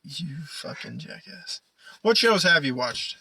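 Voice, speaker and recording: A man's voice: fairly high pitch, lively intonation, unhurried, sharp tone, dry recording, poor audio. A young man co-hosting a casual podcast, rambling and swearing, laughing often. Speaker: podcast co-host. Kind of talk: casual chat.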